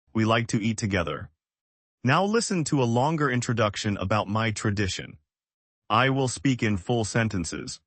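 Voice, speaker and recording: A man from the United States teaching English, speaking slowly and clearly in short, simple sentences. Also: fairly low pitch, no echo. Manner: slow, clear, short sentences with repetition drills. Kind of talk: slow, simple language lesson.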